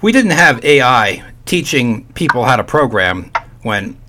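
A man's voice: mid-range voice, big pitch swings, unhurried, background noise. An older man hosting a casual radio talk show, folksy and chatty with playful asides.

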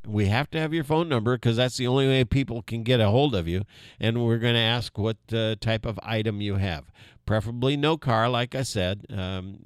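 A man's voice: lowish voice, clean tone, no echo, clean studio sound. A man in his sixties hosting a local radio show, talking casually with many fillers and folksy asides. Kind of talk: casual on-air talk.

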